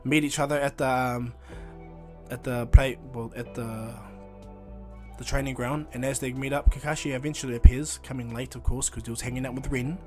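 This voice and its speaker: A man's voice: medium pitch, fairly even intonation, moderate pace, music in the background. Man rambling through a fan story. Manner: rambling with fillers and restarts. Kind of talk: casual retelling of a fan story.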